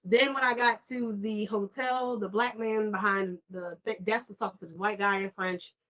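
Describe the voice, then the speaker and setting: A young woman from New York telling animated travel stories on a casual podcast over wine, acting out the people she quotes. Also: medium pitch, moderate pace. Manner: animated storytelling, acts out quoted voices. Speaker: podcast co-host.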